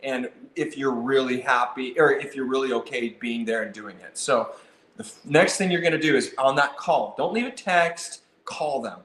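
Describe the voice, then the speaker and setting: A man's voice: medium pitch, moderate pace, pushed and bright, reverberant. A man teaching piano technicians about customer service, talking with energy and acting out phone calls and visits. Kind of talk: instructional talk.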